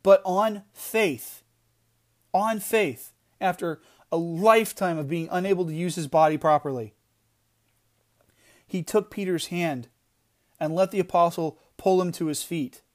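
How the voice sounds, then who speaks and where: A middle-aged man delivers an earnest, emphatic devotional talk on a podcast, frequently restarting his phrases. His voice is a little high, and he speaks at a normal speed.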